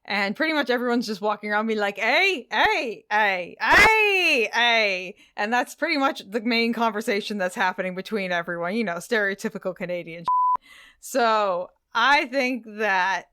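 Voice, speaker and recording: A woman on a podcast rambles playfully through an improvised scene, poking fun at herself. Her voice is bright and crisp. It is recorded close and dry. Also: mid-range voice, brisk, no room sound. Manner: rambling, playful, self-mocking. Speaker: podcast co-host. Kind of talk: casual improv chat.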